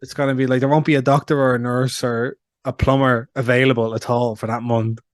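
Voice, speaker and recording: A man's voice: medium pitch, flat delivery, a little fast, no echo. Young male podcast co-host, easygoing rambler, mid-range voice, dry close mic. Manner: rambling, storytelling with many fillers. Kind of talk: casual chat.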